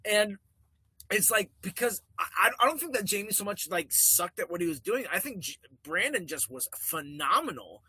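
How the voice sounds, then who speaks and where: A man co-hosting a podcast in casual chat, animated and laughing often as he talks things over. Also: high voice, moderate pace, breathy edge, no echo. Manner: animated, quotes people in put-on voices, laughs often. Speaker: podcast co-host.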